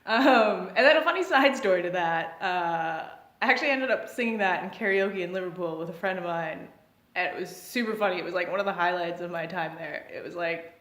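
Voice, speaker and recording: A woman's voice: on the low side, fairly bright tone. A woman vlogger casually telling a personal story, chatty and rambling, with fillers and restarts. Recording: roomy echo.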